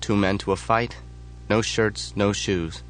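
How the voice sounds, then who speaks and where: Man reading stern male chapter leader, flat, low-pitched, audiobook. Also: a little slow, close to an everyday voice.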